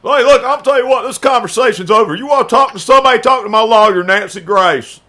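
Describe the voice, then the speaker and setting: A man playing a brash, swaggering redneck tough guy, who makes loud, boastful threats and brags in a gravelly voice. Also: lively intonation, moderate pace. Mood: blustering. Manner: cocky bragging threats, drops to low confiding mutter. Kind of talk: improvised comedy character bit.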